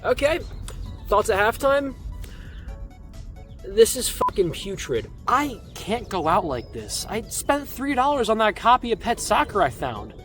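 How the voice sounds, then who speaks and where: A man's voice: high voice, sing-song, measured pace, bright, forceful tone, soft background music. A man doing exasperated, profane, self-mocking gaming commentary. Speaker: YouTuber playing a game.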